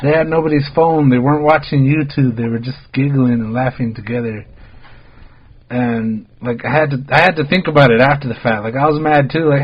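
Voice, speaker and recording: A relaxed American man hosting a podcast, spinning a long story in easy, meandering chat. His talk is loose and profane, packed with "like" fillers, at a middle pitch. The audio sounds a little muffled and dull. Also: a little fast, husky. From United States. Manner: laid-back, rambling, heavy on "like" fillers and swearing. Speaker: podcast host.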